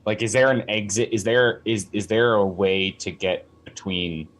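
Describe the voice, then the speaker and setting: A man with a very low voice playing a tabletop game. He checks details with the game master in halting, casual questions. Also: steady tone, a bit bright. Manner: asks questions, halting restarts. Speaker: player.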